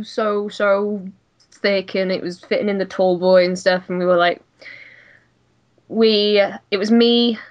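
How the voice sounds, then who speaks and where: A woman co-hosting a gaming podcast, reminiscing in relaxed casual chat. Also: mid-range voice. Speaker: podcast co-host. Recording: slightly dull lo-fi sound.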